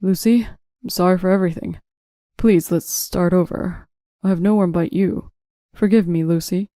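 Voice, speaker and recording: A woman voicing a weak young husband who protests loudly and then begs, reading a drama story aloud. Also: medium pitch, moderate pace, dry recording, clean studio sound, natural voice. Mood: pleading. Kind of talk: audiobook narration.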